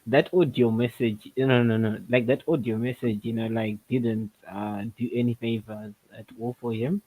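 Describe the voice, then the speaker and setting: A man's voice: mid-range voice, steady tone, moderate pace, dark tone, poor audio. A man chatting casually on a livestream, hesitant, with lots of fillers and some laughter. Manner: hesitant, many fillers, laughs between points. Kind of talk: casual chat.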